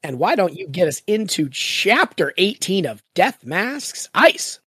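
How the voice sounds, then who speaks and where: Podcast host, mid pitch, dry close sound, rambling and jokey. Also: very animated, unhurried, a bit bright, husky, no room sound. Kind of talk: casual chat.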